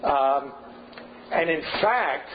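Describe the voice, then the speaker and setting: Older male seminar leader, slightly high voice, musing and restarting as he lectures. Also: lively intonation, very slow. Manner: thinking aloud, frequent restarts and asides. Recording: dull lo-fi recording with faint hiss.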